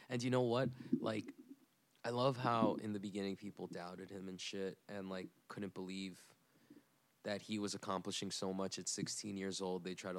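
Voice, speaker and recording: Profane, low-voiced man chatting casually. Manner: loose and profane, full of fillers. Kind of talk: casual chat.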